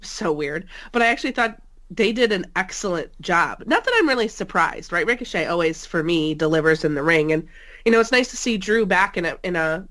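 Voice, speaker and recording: A woman's voice: on the low side, expressive, brisk, fairly bright tone. Stuffy nosed woman cohost, giggly, joking around on a remote podcast call. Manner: laughs often, playful and teasing. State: congested, nasal from a cold. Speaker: co-host. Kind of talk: casual wrestling podcast chat. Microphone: remote call mic.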